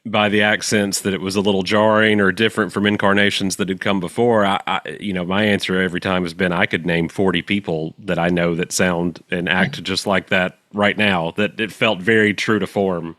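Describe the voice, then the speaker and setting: A man's voice: low-pitched, level tone, a little fast, hardly any pauses, a bit bright, no echo, clean studio sound. A man hosting an interview, eager and enthusiastic as he asks his questions. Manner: enthusiastic fan asking questions. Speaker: podcast host interviewer. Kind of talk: casual interview.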